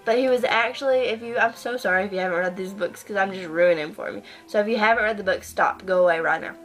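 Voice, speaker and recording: A woman's voice: medium pitch, fast, fairly bright tone, faint music behind, poor audio. A teenage girl vlogging at her computer, gushing and rambling with lots of ums and likes. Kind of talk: casual chat. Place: at home in front of a computer.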